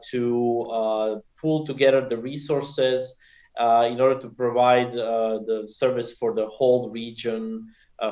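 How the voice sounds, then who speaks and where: A man talks through a panel answer at a measured pace, stopping often on fillers as he builds each point. His voice sits in the middle range and sounds roomy. The audio is dull and muffled. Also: medium pitch, darkish tone. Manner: measured, many filler pauses. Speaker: panel guest from a regional policy body.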